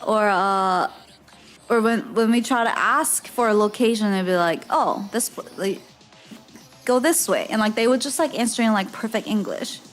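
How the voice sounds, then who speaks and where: A woman's voice: mid-range voice, moderate pace, soft background music. A woman streamer telling a travel story in casual live-stream chat, laughing often and filling her talk with "like". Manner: chatty, laughs often, lots of "like" fillers.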